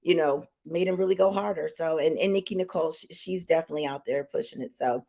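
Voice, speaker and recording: Woman talk show host, laughs a ton, upbeat and excited. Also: low-pitched, quick pace, vocal fry. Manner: laughs often, upbeat, enthusiastic. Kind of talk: casual talk show interview.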